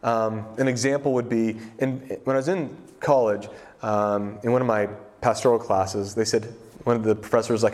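A man's voice: lowish voice, fairly even intonation, normal speed, a little mellow. A young man preaching in a loose, conversational way, joking and talking around the text with plenty of fillers. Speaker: pastor. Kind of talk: casual conversational sermon.

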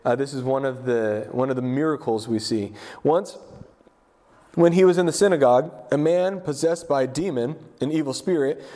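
A man's voice: medium pitch, normal speed, warm tone. A young man preaching in a loose, conversational way, joking and talking around the text with plenty of fillers. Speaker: pastor. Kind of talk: casual conversational sermon.

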